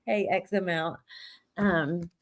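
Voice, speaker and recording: A woman's voice: on the low side, fairly even intonation, takes it slowly. Woman, livestream host, loose and chatty, laughs often, reads comments aloud. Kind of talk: casual livestream chat. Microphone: desk microphone.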